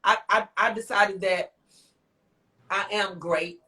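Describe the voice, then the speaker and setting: At a slow pace, a medium-pitched woman speaks with fairly even intonation and a bright, forceful tone. A singer and author guesting on a live interview, she rambles with emotion and heart, repeating herself amid exclamations.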